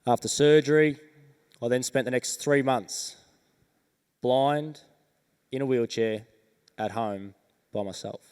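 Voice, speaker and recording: An Australian man telling a personal story on stage as a motivational speaker, earnest and measured, with dramatic pauses. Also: mid-range voice, a little mellow, smooth. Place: large event hall stage. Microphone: stage microphone. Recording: reverberant event hall.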